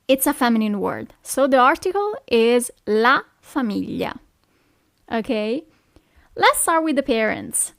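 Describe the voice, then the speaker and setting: A young woman with an Italian accent teaching a beginner lesson, repeating each word slowly and checking in with "ok?". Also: a little high, sing-song, creaky, dry recording, studio quality. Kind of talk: slow, clear language lesson.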